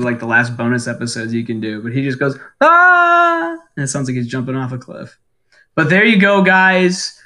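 A young man co-hosting a casual podcast, laughing often as he runs through quick grunts and death-cry impressions. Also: mid-range voice, bright, forceful tone, a little hiss or hum. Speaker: podcast co-host. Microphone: home microphone.

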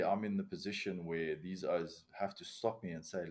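Deep-voiced man with a non-native accent. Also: fairly even intonation, moderate pace, a little mellow. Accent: non-native English accent. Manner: explains step by step, blunt, swears casually. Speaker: commercial diver, guest. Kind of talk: casual podcast interview.

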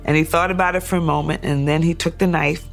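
Gravelly-voiced woman recounting her ordeal. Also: low-pitched, fast talker, faint music behind. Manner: steady, detailed retelling, acting out remembered thoughts and dialogue. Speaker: survivor telling her story. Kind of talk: documentary testimony.

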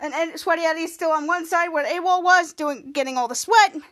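High-voiced woman rambling through a recap. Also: brisk. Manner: rambling, frequent restarts, excited. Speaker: podcast host. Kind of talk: casual episode recap.

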